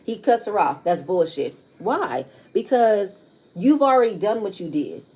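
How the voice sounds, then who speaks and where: A woman's voice: medium pitch, big pitch swings, unhurried, mellow, slightly rough. A woman casually recapping a reality TV episode, chatty and blunt, often tossing in "you know what I'm saying" and swearing freely.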